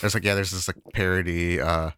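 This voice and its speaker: Low, bright-voiced rambling man. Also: fairly even intonation, a little fast, clear, resonant tone, no room sound, studio quality. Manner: rambling, swears freely, many fillers. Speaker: podcast co-host. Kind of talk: casual chat.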